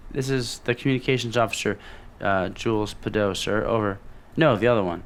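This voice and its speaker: A man's voice: on the low side, brisk. A man casually commenting on a video game as he plays, reading its dialogue aloud between offhand remarks. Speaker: let's play host.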